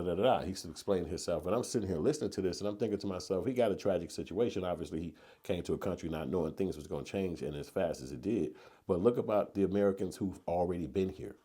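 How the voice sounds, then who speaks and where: A man talks through a casual opinion monologue in a low, dark register with a husky edge. His speech is loose and slangy, and he keeps pressing his points with emphatic bursts. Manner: conversational and slangy, building to emphatic rants. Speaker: commentary vlogger.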